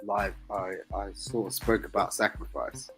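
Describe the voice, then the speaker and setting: A man's voice: fairly low pitch, fairly even intonation, normal speed, fairly bright tone, slightly rough, soft background music. A man on a podcast panel, talking hesitantly and searching for his words. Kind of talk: casual chat.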